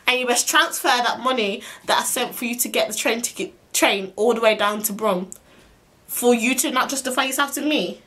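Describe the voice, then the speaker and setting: A young woman telling a storytime vlog in an exasperated, slangy, fast way. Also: a little high, bright, forceful tone. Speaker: vlogger.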